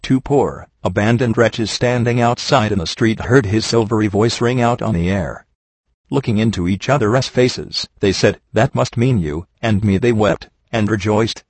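A man reading an old sermon aloud in a steady, earnest preaching cadence. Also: fairly low pitch, normal speed, slightly rough, no room sound. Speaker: reader of a sermon.

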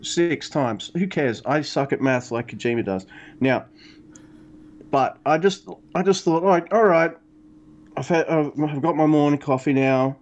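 A man co-hosting a podcast in casual chat, excitable and rambling, cursing often. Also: on the high side, unhurried, dull audio. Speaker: podcast co-host.

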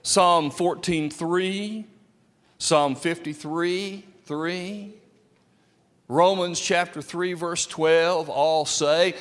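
Male preacher, high and animated, slow and deliberate, reverberant church hall. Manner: lively, dramatic delivery with acted quotes. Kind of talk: sermon.

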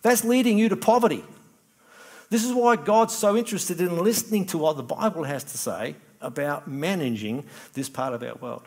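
A man's voice: fairly high pitch, normal speed, vocal fry, few pauses, darkish tone. A middle-aged man preaching a sermon in a conversational way, acting out little dialogues. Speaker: pastor.

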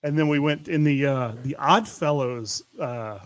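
A man with a fairly high voice speaks at a measured pace, with no echo. He co-hosts a podcast and tells rambling stories in casual chat, laughing often and restarting his sentences.

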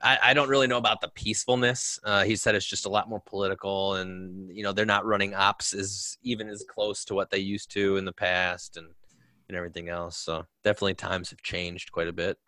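A low-voiced man with a bright, forward tone recounts his deployments in easy, rambling conversation, padding his stories with fillers. The sound is dry and close. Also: flat delivery, brisk, dry recording. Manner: storytelling with many fillers. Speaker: veteran guest. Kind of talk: casual conversation.

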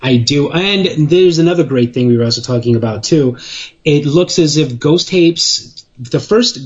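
A man with a Chicago-flavored Midwestern accent banters on a radio show, joking and laughing easily. His voice is husky and a little raspy. The line sounds muffled and lo-fi. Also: fairly high pitch, lively intonation, moderate pace. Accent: Midwestern American, Chicago.

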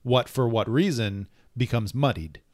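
Man, podcast co-host, measured and thoughtful, middle pitch, dry close sound. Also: a little mellow, no echo. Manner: thoughtful, measured, restarts phrases. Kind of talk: casual comic book chat.

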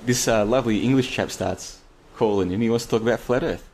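A man's voice: mid-range voice, fast talker, darkish tone, a little hiss or hum. A man hosting a solo late-night talk show, chatting in a rambling, digressive way and reading out listener comments. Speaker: podcast host.

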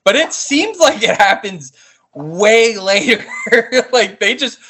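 A man's voice: sits high, sing-song, slow pace, pushed and bright, breathy edge. A man casually recapping a movie with a co-host, laughing often and swearing freely. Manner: laughs often, swears, retells scenes in acted quotes. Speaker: podcast co-host.

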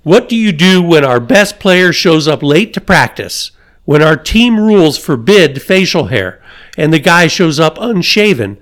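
A man's voice: fairly high pitch, big pitch swings, a little slow, fairly bright tone. A man hosting a podcast, reading a story aloud with his own asides and chuckles. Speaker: podcast host.

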